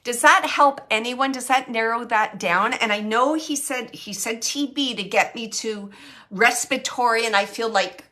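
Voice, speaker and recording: A woman's voice: fairly high pitch, pushed and bright. A woman working as a psychic medium, chatting to an online audience, laughing often and relaying messages she says she hears.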